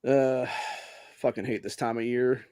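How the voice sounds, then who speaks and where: A man's voice: medium pitch, level tone, unhurried, dark tone, clear, resonant tone, dry recording, studio quality. A man from Ohio hosting a podcast, ranting with constant swearing and rambling asides full of dude and bro. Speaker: podcast host. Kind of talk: profane rant and casual monologue.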